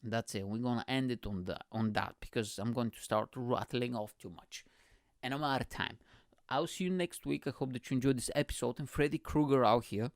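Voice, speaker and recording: A man's voice: mid-range voice, a little fast, no room sound, clean studio sound. A man hosting his own podcast, telling a crude, self-mocking comic story. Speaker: podcast host.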